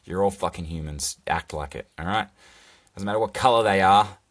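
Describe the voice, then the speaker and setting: A man's voice: low voice, a little fast. A young man hosting a solo podcast from his phone, rambling through casual, profane chat with jokey asides. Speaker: podcast host. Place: recording alone on a phone.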